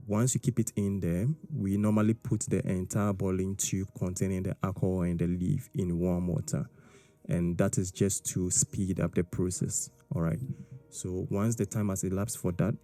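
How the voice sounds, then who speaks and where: A man's voice: sits low, dark tone. A man explaining a science lesson step by step, checking in often with "all right?" and "okay?". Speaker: science teacher.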